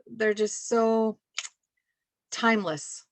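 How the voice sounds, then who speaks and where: A woman's voice: on the high side, very slow, no echo. Scottish woman, 60s, rambling and laughing, dry video-call sound. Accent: softened Scottish. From Scotland. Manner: warm, rambling, laughs often. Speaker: guest speaker. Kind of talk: casual chat on a video call.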